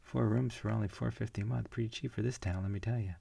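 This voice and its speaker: Man voicing a chatty young guy, boastful, gravelly, husky. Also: lowish voice, fairly even intonation, quick pace, dark tone, no room sound, exaggerated voice. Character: chatty young man showing off his apartment.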